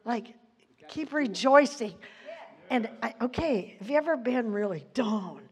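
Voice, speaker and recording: A woman's voice: on the high side, expressive, measured pace. An older woman giving an informal Bible teaching, chatty, quoting scripture and laughing often.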